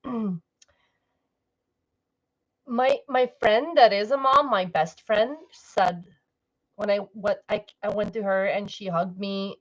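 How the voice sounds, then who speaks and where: A woman's voice: mid-range voice, takes it slowly, long pauses, highs cut off. A woman livestreamer chatting casually, rambling and cutting herself off, with frequent laughs. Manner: rambling, self-interrupting, laughs often.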